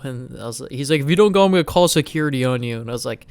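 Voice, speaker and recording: A man's voice: a little high, very fast, no room sound. Chatty young man telling a story. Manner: animated storyteller acting out quotes, loose and profane. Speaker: podcast host. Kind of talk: casual storytelling chat.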